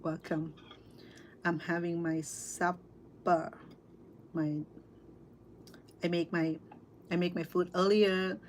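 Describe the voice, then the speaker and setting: A middle-aged woman with a Cambodian accent, chatting casually with livestream viewers over dinner at home, halting, full of fillers and restarts. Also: fairly low pitch, level tone, slight background noise. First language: Khmer. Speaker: cooking vlogger and interpreter. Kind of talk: casual livestream chat while eating.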